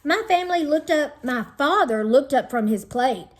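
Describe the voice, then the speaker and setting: A woman teacher reads a children's chapter book aloud in a high, animated voice. Her storytelling is unhurried, and she slows down further over lists.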